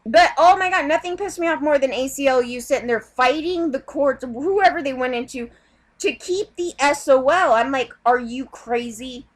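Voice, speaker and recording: A woman's voice: sits high, normal speed. A woman vlogger ranting in a heated, rambling way, swearing often. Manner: heated, profane, rambling rant. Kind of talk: ranting vlog.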